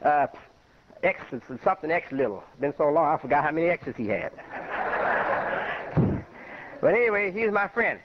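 An older man from Chicago with a notably high voice talks as an imam, rambling and conversational and full of personal stories. His voice comes through a muffled, lo-fi radio recording. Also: expressive, normal speed, long pauses, very noisy. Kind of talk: informal spoken lecture.

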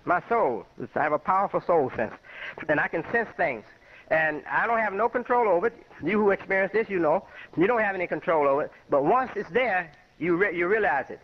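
An older man from Chicago, an imam, giving a rambling, conversational lecture full of personal anecdotes. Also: sits high. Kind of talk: informal spoken lecture. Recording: muffled lo-fi radio recording.

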